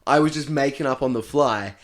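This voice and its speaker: A man's voice: mid-range voice, a little fast. A young Australian man co-hosting a casual podcast, telling a story with lots of laughter and swearing. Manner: animated, laughing, swearing, acting out voices in anecdotes. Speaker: podcast co-host.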